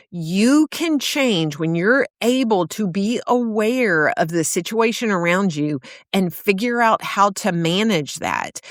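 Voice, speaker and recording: A woman's voice: medium pitch, no room sound, studio quality. A middle-aged woman hosting a solo podcast, telling stories in an easy, meandering way with fillers and restarts. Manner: warm storytelling with fillers and restarts. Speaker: podcast host.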